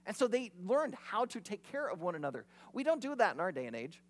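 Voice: medium pitch, big pitch swings, a little fast. A pastor preaching a sermon in a conversational, storytelling way.

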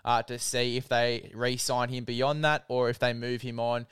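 A young Australian man talking sport in a loose, rambling way, circling back over the same phrases. His voice is smooth and clear, and the sound is dry and close. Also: medium pitch, little pitch movement, moderate pace, a bit bright, dry recording. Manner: rambling, repeats phrases, says mate a lot. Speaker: podcast host. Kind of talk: casual sports chat.

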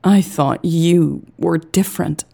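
A woman's voice: lowish voice, slow pace, gravelly, warm tone, husky, full character voice. A woman reading the lines of a grieving, hostile woman in an audiobook, sneering and confrontational. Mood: bitter, accusing.

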